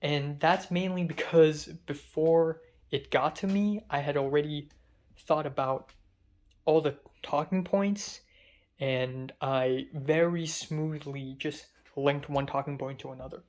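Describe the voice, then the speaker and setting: Here the film student vlogger from Hong Kong speaks slowly and steadily in a slightly high, somewhat mellow voice. The young adult rambles through a casual storytelling monologue, chatty and quick to poke fun at himself with digressions.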